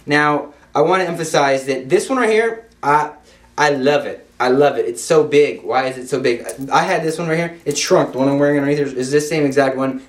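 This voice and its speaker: A young man giving an informal Catholic devotional talk in an emphatic, repetitive way, with playful asides. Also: on the high side. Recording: echoey room, speaker off-mic.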